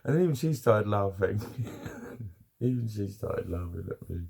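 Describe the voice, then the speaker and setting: Brief: middle-aged bloke vlogging, deep husky voice, sweary and chuckling through his stories. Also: expressive, unhurried, a little mellow. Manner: swearing, laughing storyteller. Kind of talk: casual chat to camera. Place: at home with his dog.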